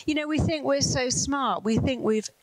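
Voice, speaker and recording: A woman's voice: high voice, normal speed, no echo, rough recording. A woman with a British accent giving a motivational talk as a therapist, telling anecdotes and acting out the voices of the people in them. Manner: animated storyteller who acts out quoted voices. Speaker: therapist and speaker.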